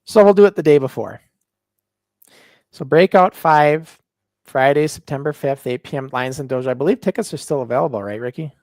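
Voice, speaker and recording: A man's voice: a little high, fairly quick, a little mellow, dry recording. A man from the northern US co-hosting a wrestling podcast, boastful and teasing, rambling with fillers. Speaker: podcast co-host. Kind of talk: casual podcast banter.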